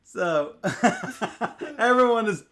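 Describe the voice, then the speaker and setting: Man from tennessee, lively up-and-down voice, patient teasing, casual teaching. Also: high-pitched, very slow. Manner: patient, teasing, drills syllables. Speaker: co-host teaching pronunciation.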